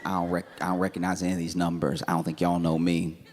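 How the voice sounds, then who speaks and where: A man doing stand-up, telling a story in a deadpan, laid-back way with laughing asides. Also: sits low, fast talker, a faint crowd. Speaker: stand-up comedian.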